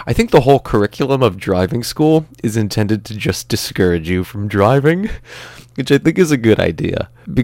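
A man's voice: fairly low pitch, dry recording. A man in his late twenties hosting a podcast, telling rambling, self-deprecating comedic stories full of absurd tangents. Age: late 20s. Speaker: podcast host.

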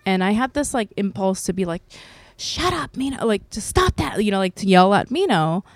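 A woman's voice: medium pitch, lively intonation, brisk, no room sound. A woman telling a candid personal story about being a mother, swearing freely and filling her talk with "like". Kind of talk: casual podcast chat.

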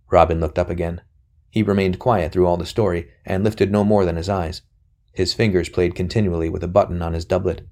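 Brief: male audiobook narrator, low voice, steady and measured. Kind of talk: scripted narration.

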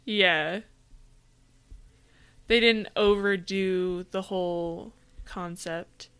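A woman's voice: fairly low pitch, steady tone, extremely slow, a bit bright, clear, resonant tone. A young woman co-hosting a podcast, chatting casually and laughing often. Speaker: podcast co-host. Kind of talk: casual chat.

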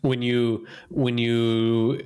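A man with a voice of middling pitch hosts a loose, casual chat. He prompts his co-host with teasing questions and makes jokes at his own expense. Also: monotone, drawn-out words, darkish tone, clear, resonant tone. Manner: joking, self-deprecating prompts. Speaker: podcast host.

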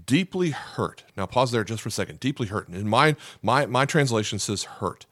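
A man's voice: on the low side, a little fast, fairly bright tone, dry recording. Earnest preaching man, dry sound. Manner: earnest, emphatic preaching with frequent "okay?" asides. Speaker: pastor. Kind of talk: sermon.

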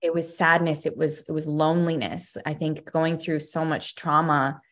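Low-voiced woman opening up emotionally. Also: moderate pace. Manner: expressive, scattered, restarts often. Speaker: podcast guest. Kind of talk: emotional personal conversation.

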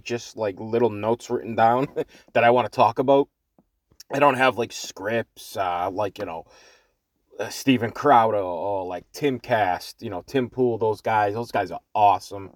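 A man's voice: fairly low pitch, no echo. A man with a thick Boston accent hosting a solo podcast off the cuff from his parked car, rambling with lots of fillers and blunt swearing, recorded on an earbud mic. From Boston, Massachusetts. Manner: rambling, many fillers and restarts, blunt and profane. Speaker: podcast host.

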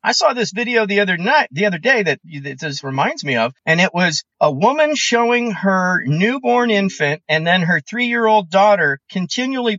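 A comedian guesting on a podcast, talking in an animated, opinionated way and acting out quoted voices. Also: male voice, high voice, no echo, dull audio. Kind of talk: casual podcast chat.

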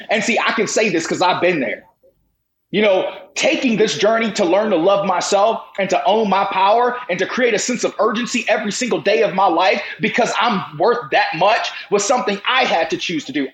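A man's voice: high voice, fairly bright tone. A man talking as a podcast guest and motivational speaker, emphatic and preacher-like, with rising bursts of intensity. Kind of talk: impassioned motivational talk. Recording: roomy echo, faint background noise.

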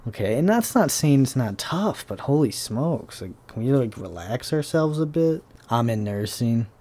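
Young male podcast host, warm low-key tone, profane and sarcastic rambler. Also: big pitch swings, moderate pace. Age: young adult. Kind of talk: casual solo monologue.

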